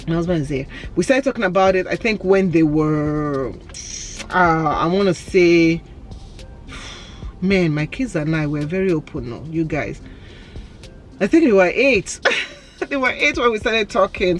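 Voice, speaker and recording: A woman, answering viewer questions in a chatty, candid vlog and laughing often. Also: on the low side. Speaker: vlogger. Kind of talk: casual Q&A vlog.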